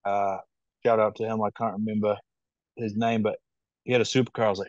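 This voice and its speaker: Man, New Zealand accent, low, monotone, calm, matter-of-fact, dull video call audio. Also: fast, dry recording. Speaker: guest. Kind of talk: casual interview chat.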